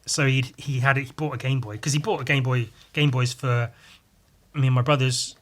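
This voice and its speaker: A man's voice: medium pitch, steady tone, moderate pace. A man hosting a podcast, talking in a casual, rambling monologue that is full of swearing and asides. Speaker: podcast host.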